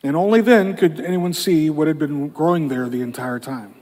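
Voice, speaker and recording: A man's voice: a little high, moderate pace, a little mellow, big-room sound. A man preaching a sermon in a conversational way, often saying "you know", recorded in a church. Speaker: pastor.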